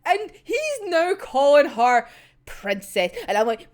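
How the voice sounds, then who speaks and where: A woman in casual reaction commentary, animated, swearing a lot and breaking into frequent laughter. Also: high-pitched, measured pace.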